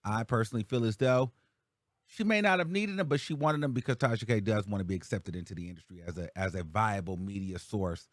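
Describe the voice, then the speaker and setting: A man's voice: lowish voice, brisk, no room sound, clean studio sound. A man hosting a commentary show, talking casually in a chatty, slangy way.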